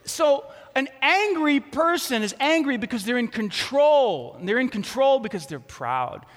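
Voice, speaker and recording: A man preaching a sermon as pastor, telling a story with lively acted-out quotes. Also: very high voice, unhurried, in a large hall.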